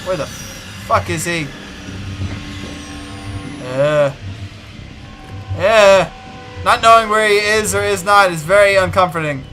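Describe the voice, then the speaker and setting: A man's voice: high-pitched, takes it slowly, pauses often, bright, forceful tone. A man commentating a horror game, muttering and swearing nervously to himself. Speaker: let's play gamer. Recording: game music behind voice.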